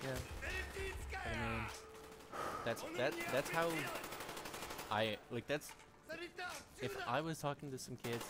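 A man chatting casually while playing a video game, excitable, swearing and laughing as he goes. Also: medium pitch, takes it slowly, long pauses. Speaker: game streamer. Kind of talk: casual gameplay chat.

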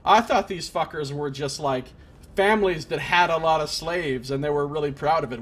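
A man's voice: on the high side, moderate pace, a bit bright. A man streaming a role-playing game, chatting casually with joking, self-deprecating asides. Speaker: let's play streamer.

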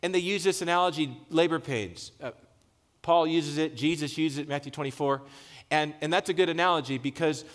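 A man's voice: a little high, a little fast, fairly bright tone. Emphatic male pastor in a reverberant hall. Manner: conversational, emphatic preaching with asides. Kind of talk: sermon. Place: large church hall.

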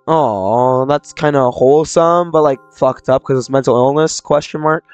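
A young man giving casual commentary on a horror game, blurting out reactions and nervous laughs, close to a loud new mic. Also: fairly high pitch, lively intonation, unhurried, smooth, dry recording. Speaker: gaming channel creator. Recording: dry close mic, faint game music.

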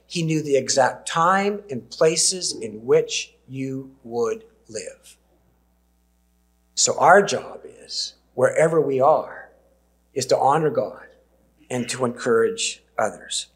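A Canadian preacher in his sixties tells stories from the pulpit. His voice sits at a mid pitch. He pauses for emphasis and chuckles gently as he speaks. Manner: warm storytelling with gentle laughs and emphatic pauses. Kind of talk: sermon with personal stories.

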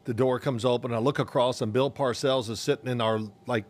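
Older man telling a lively podcast story. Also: medium pitch, a little fast. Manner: animated storyteller, acts out quotes. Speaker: podcast host. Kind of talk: casual storytelling chat.

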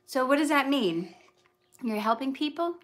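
A young actress hosting a casual livestream, chatting and reading viewer comments aloud. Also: female voice, high voice, lively intonation, moderate pace, fairly bright tone. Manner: chatty, reads viewer comments aloud, breaks off to soothe a child.

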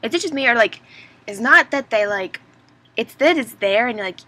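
A woman's voice: fairly high pitch, expressive, quick pace, bright, forceful tone. Rambling, chatty teenage girl vlogger. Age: teens. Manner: chatty, self-mocking, full of fillers and asides. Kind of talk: casual rambling vlog.

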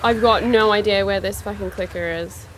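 A woman's voice: medium pitch, moderate pace, noisy background. A woman commentating on her own horror gameplay, panicky, swearing and exclaiming often. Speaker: gamer playing a horror game. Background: loud game music and sounds.

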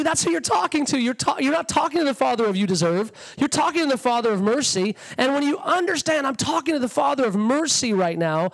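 A male guest preacher with a strikingly high voice delivers a fervent, conversational sermon. His pitch swings widely as he acts out quoted thoughts. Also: poor audio. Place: church sanctuary.

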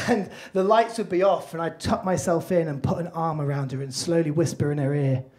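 A man's voice: a little high, fairly even intonation, moderate pace, a little mellow. A male comedian working a club stage, chatty and self-deprecating, with a casual swearing habit. His voice rings with the echo of a live room. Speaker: stand-up comedian. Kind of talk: stand-up comedy set.

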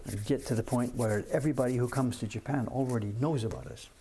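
Older man, from Canada, gravelly, chatty and rambling, casual live stream talk, faint background noise. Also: mid-range voice, fast, mellow. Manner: chatty storyteller, many restarts and "whatever". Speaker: printmaker streaming from his shop. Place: print shop workbench.

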